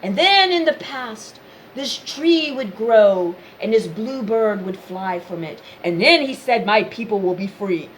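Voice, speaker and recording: A woman putting on the voice of a solemn mystic who speaks in slow, drawn-out riddles. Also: mid-range voice, expressive, a little hiss or hum, natural voice, rough recording. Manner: slow, drawn-out, sing-song pronouncements.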